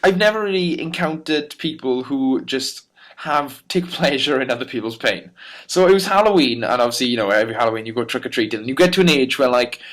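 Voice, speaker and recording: A man's voice: mid-range voice, a little fast. A young man, a podcast co-host, telling a story in casual chat, laughing often and stumbling over words now and then. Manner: relaxed, laughs often, stammers a little.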